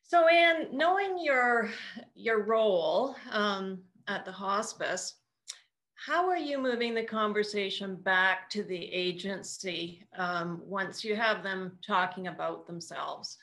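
Woman host, bright tense tone, thoughtful questions, ums. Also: medium pitch, slow. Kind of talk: casual interview talk.

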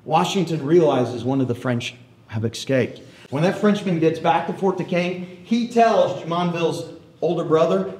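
A man, a historian, tells an animated story to an audience and keeps checking in with them. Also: fairly high pitch, moderate pace. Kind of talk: storytelling lecture. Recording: roomy hall echo.

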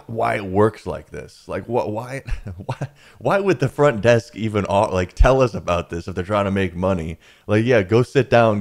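A man's voice: on the low side, a little mellow. A young man tells a travel story in a casual, rambling way, often saying "man" and "dude". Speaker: vlogger telling a travel story.

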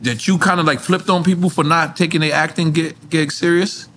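A man hosting a podcast in casual chat, playful and excitable, joking with his guest. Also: a little high, fairly quick, slight background noise. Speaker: host.

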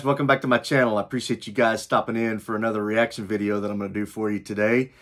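A man's voice: fairly low pitch, fairly bright tone. A man hosting a music reaction channel, talking casually to camera in a chatty, plain-spoken way with bits of dry sarcasm.

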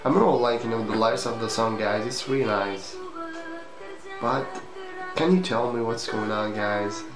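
Excitable man reacting over echoey music. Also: on the low side, normal speed. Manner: excitable, exclaiming and asking viewers questions. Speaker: reaction video host. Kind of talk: casual reaction commentary. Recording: echoey room with song playing behind.

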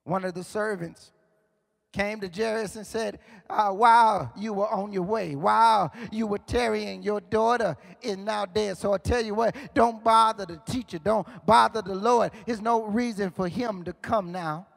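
A man preaching a sermon, his high voice rough with a gravelly edge. He swells from steady speech into shouted, sing-song emphasis. The sound rings with the long reverb of a large hall. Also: normal speed. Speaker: pastor. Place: church sanctuary.

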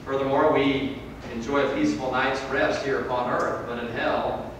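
A man preaching a sermon in a church, swinging from loud emphatic peaks to low, quiet drops. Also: steady tone, moderate pace, noisy background. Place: church hall. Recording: echoey hall from far off.

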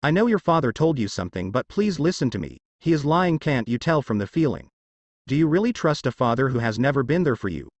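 A man voicing a calm, earnest young male ninja hero who protects the innocent, in a story narration. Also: medium pitch, a little fast, dry recording, lo-fi sound. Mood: pleading.

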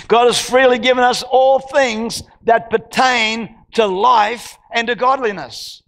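A man's voice: extremely high pitch, fairly even intonation, takes it slowly, creaky, fairly bright tone. A man from Australia preaching a sermon as a pastor, emphatic, with repeated phrases and rhetorical questions to the congregation. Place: church hall. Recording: church hall with long reverb.

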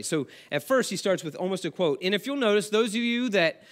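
High-voiced man preaching conversationally. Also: lively intonation, fairly quick, few pauses. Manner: conversational, asks the congregation questions. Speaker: pastor. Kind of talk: sermon.

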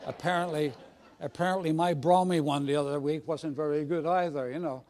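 A man's voice: fairly high pitch, steady tone, brisk, darkish tone, some chatter behind. A man preaching a sermon in a jovial, conversational way with frequent restarts. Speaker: guest preacher.

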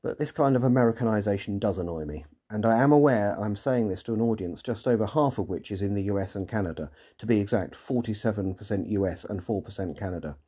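A man narrates a scripted podcast recap, slipping in dry, sarcastic comments as he goes. His voice sits low and mellow, with a husky edge. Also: fast, hardly any pauses. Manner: dry, wry and sarcastic asides.

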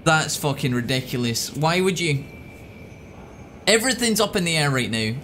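Crude, excitable high-voiced gamer. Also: male voice, normal speed, a little hiss or hum. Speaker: let's play host. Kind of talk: profane gameplay commentary.

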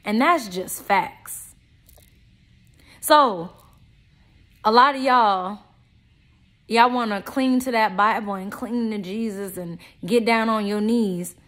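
A young adult woman in an unscripted vlog monologue, talking in a blunt, profane and confrontational way, with loud outbursts and low asides. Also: slow pace, pauses often. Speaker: vlogger.

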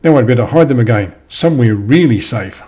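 A man voicing an excitable young female squirrel in a storybook, high and fretful. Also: lightly acted. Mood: relieved. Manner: high and fretful, quick to wail.

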